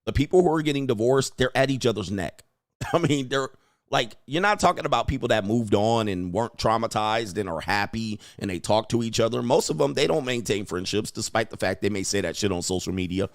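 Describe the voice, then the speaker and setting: A man's voice: lowish voice, lively intonation, a little fast, dry recording, clean studio sound. A man hosting a livestream commentary show, talking bluntly and emphatically and repeating his points for weight. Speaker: host.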